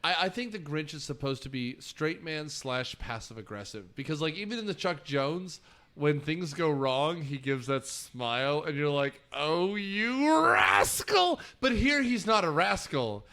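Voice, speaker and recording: A man hosting a casual movie-review podcast, animated and quick to act out quotes in exaggerated voices. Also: a little high. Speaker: podcast host.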